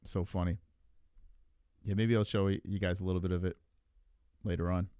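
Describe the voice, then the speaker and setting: A man's voice: low voice, little pitch movement, moderate pace, mellow, clear, resonant tone, no room sound, clean studio sound. A man hosting a livestream, chatting casually and reading the chat in a rambling, profane way. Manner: rambling, loose and swearing a lot.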